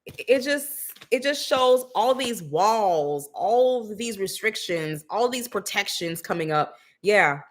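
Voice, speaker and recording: Brief: woman podcast co-host, blunt and sassy, casual commentary chat, middle pitch. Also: expressive, slow pace, a little hiss or hum. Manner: blunt, sassy, slangy, profane.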